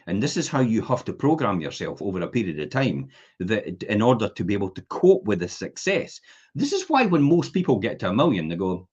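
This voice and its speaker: A man hosts a casual podcast chat, slipping into voices as he tells stories. His voice is slightly husky and moves a lot in pitch. The audio is dull and lo-fi. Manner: animated storyteller acting out voices in anecdotes. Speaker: podcast host.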